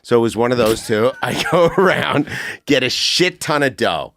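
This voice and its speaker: A man from Canada, a podcast guest, telling profane stories in an animated way and slipping into voices, on a close studio mic. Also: medium pitch, normal speed, creaky, slight background noise. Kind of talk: casual storytelling.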